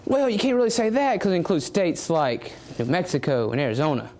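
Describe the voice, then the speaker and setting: A man's voice: on the high side, fairly quick. A young man with a Southern US accent giving a competition speech, asking the audience questions as he goes. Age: young adult. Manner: animated, rhetorical questions to the audience. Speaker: student public speaking contestant.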